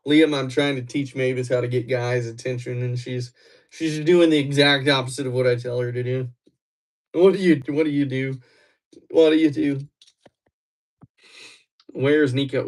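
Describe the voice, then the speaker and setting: A man hosting a casual livestream, playfully teasing his viewers and quickly getting worked up as he chats with them. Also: medium pitch.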